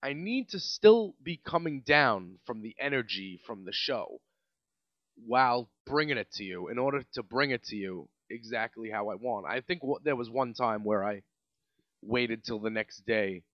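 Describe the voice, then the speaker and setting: A man's voice: medium pitch, lively intonation, moderate pace, no echo, highs cut off. A young man with a New York accent, hosting a casual solo podcast and ranting in a rambling, exasperated way with many restarts. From Staten Island, New York. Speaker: podcast host.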